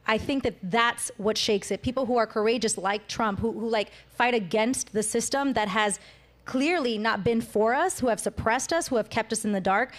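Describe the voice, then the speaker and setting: A woman's voice: a little high, moderate pace. A woman co-hosting a talk show, speaking earnestly and with strong opinions in casual chat.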